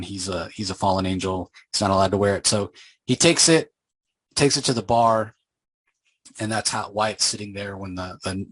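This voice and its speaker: A man's voice: on the low side, fairly bright tone, husky, no room sound, rough recording. A man casually recapping a comic book story in a loose, conversational way, with plenty of fillers.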